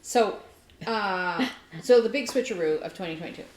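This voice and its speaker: Woman telling a lively story in a roomy space. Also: mid-range voice, moderate pace. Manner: animated storyteller, laughing often. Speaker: podcast co-host. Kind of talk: casual chat. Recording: roomy echo.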